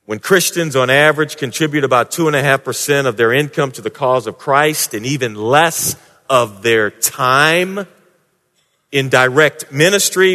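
A man preaching a sermon as a pastor, moving from hushed, prayerful passages to raised, emphatic points. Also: mid-range voice. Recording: long hall reverb.

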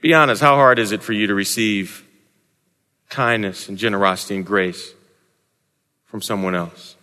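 A man's voice: fairly low pitch, moderate pace, sharp tone. A man preaching a sermon dramatically, with wide swings in tone and emphasis. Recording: echoey hall.

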